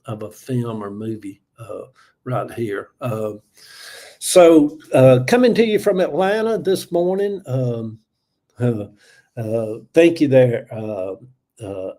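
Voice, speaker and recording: A man's voice: mid-range voice, expressive, takes it slowly, dark tone. A man of seventy with a Georgia Southern accent, chatting on a casual livestream in a rambling, folksy way, thanking viewers and trailing off with many uhs. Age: 70s. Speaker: livestream host.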